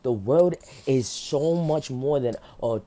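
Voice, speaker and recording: A man's voice: mid-range voice, takes it slowly, dark tone. A man giving an earnest, passionate faith talk to his viewers, close to tears and full of "like" fillers. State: near tears. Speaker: faith vlogger. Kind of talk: emotional motivational monologue.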